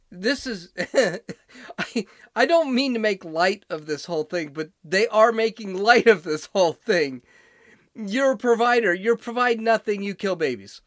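Man, political commentary, indignant, sarcastic, slow delivery, very lively pitch, dry close sound. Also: dry recording. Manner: indignant and sarcastic, mocking voices. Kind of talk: opinion commentary on played clips.

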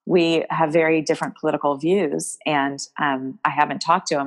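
A woman's voice: deep voice, steady tone, moderate pace. A woman guest in an interview, telling a personal story in a rambling, emotional way with many restarts. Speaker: guest, game creator.

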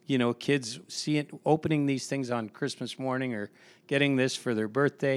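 A man's voice: medium pitch, fairly even intonation, normal speed, smooth. A man, a pastor, chatting on a podcast and telling a work story with lots of restarts and repeated words. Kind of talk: casual podcast conversation.

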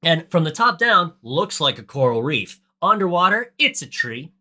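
A man's voice: on the high side, very animated, normal speed, bright, forceful tone. A man co-hosting a podcast, recapping a movie in casual chat with a ranty, profane, sarcastic manner. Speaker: podcast co-host.

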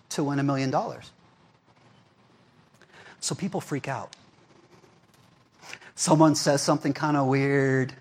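Preaching in a chatty, conversational way, this pastor has a somewhat high voice with a breathy edge. He frequently asks his listeners "right?" and "okay?".

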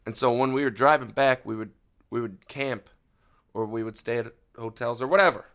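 A man's voice: mid-range voice, moderate pace, fairly bright tone, clear, resonant tone. A man chatting as a podcast guest, rambling through stories and swearing freely. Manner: profane, rambling storyteller. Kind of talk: casual chat.

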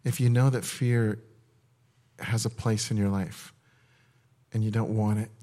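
A male pastor preaching a live sermon at a church service, conversational and digressive, with quick asides. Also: fairly low pitch, steady tone, warm tone.

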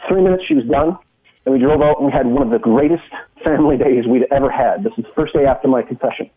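A man's voice: medium pitch, fast, slightly rough. A middle-aged man from Canada, a guest giving an earnest personal testimony in conversation and retelling it with frequent restarts. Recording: tinny phone-line sound.

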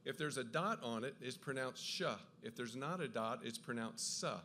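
A man giving an enthusiastic Bible talk, with quick asides and frequent restarts as he explains. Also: medium pitch, pushed and bright, a little hiss or hum. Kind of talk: lively lecture on the Gospels.

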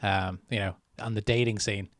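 A young man with an Irish accent, co-hosting a podcast and telling stories in a casual, animated way with frequent laughter. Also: fairly low pitch, moderate pace, no echo, studio quality. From Ireland. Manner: animated storytelling, puts on voices in anecdotes, laughs often. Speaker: podcast co-host. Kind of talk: casual chat.

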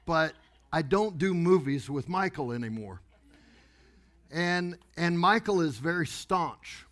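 A pastor telling a story in an animated, exuberant sermon to a congregation in a church. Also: male voice, a little high. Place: church sanctuary before a congregation.

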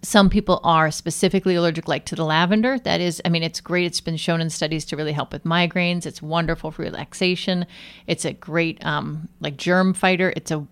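A woman's voice: on the low side, steady tone, brisk, smooth. A woman guest, a nurse and aromatherapist, talking casually and animatedly in an interview with many fillers.

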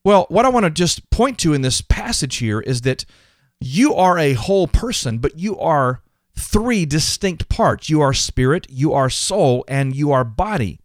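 A man's voice: fairly high pitch, expressive, measured pace, no echo. Earnest, emphatic man, dry sound. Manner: earnest and emphatic, often repeats words. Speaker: podcast host. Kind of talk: motivational faith podcast talk.

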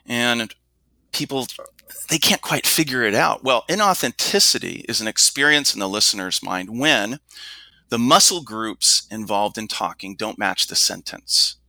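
A middle-aged man who works as a communication coach, explaining things in a measured, instructive way and demonstrating his points with his own voice. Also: mid-range voice, lively intonation, vocal fry, sharp tone, no room sound. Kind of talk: explanatory interview talk.

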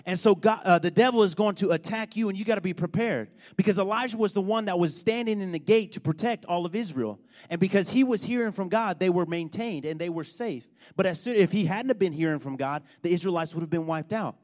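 A man preaching a sermon, telling a story with animated, emphatic build-ups. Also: sits high, brisk. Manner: animated storytelling, rising to loud emphatic points.

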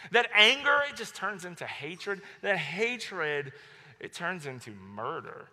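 A male pastor preaching a sermon, telling stories in an animated way and acting out his own outbursts. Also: high voice, slow pace. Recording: long hall reverb.

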